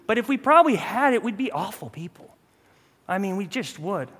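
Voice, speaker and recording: A man's voice: high voice, big pitch swings, moderate pace, gravelly, a bit bright, husky. A man in his thirties preaching a casual, humorous sermon, acting out bits of his stories. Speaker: pastor. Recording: long reverb in a hall.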